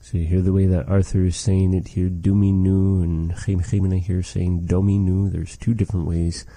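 A man teaching a language lesson, slowly and patiently repeating words for a learner. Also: low voice, level tone, creaky, dark tone, no room sound, poor audio.

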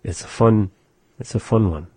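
Male co-host, low mellow voice, dry close mic, patient explainer. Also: slightly rough, no room sound. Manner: relaxed, explains phrases slowly and repeats them. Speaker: language show co-host. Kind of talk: casual language-lesson chat.

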